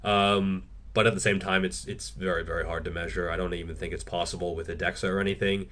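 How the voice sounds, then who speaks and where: Frank, casual man with a lowish voice. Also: level tone, fast, fairly bright tone. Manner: frank and casual, swears freely; reads questions aloud, then answers offhand. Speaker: fitness YouTuber. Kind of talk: casual Q&A answering viewer questions.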